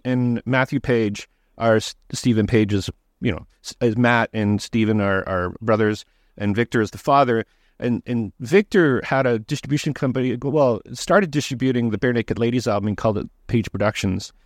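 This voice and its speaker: Halting man talking about his film. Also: medium pitch, no echo, clean studio sound. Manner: halting, many restarts and fillers. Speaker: documentary director. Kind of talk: casual interview answers.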